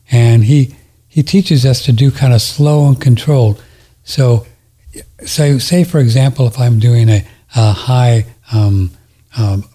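A man's voice: medium pitch, mellow, slightly rough. A man hosting a talk radio show, chatting casually and rambling as he demonstrates an exercise. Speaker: radio host.

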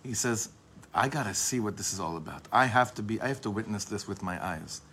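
A man giving an informal Torah class to a live group, talking in a discursive way, often breaking off and restarting his sentences, and slowing down to repeat key phrases. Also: fairly low pitch, expressive, a bit bright, slight background noise. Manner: leans on a phrase by repeating it slowly. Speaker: Torah teacher.

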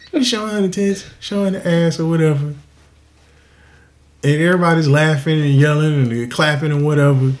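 A man hosting a podcast, telling a crude story in a profane, animated way and laughing often. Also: on the high side. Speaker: podcast host. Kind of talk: casual storytelling.

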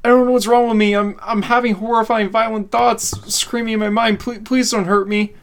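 A man voicing a frightened young boy who pleads in a high, panicky voice. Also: flat delivery, brisk. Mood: scared. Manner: pleading, whimpering.

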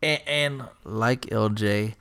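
A young man co-hosting a casual podcast, telling a story with lots of swearing and acting out the shouting. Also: on the low side, takes it slowly, clean tone. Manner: animated storyteller, swears a lot, acts out shouting. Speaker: podcast co-host.

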